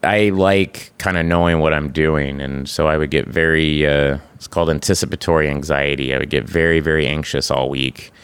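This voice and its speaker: Man, 40s, very low and smooth voice, casual halting talk with restarts, dry close recording. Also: steady tone, a bit bright, no room sound. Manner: halting, with frequent restarts and laughs. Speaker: guest, actor and creator. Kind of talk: casual interview chat.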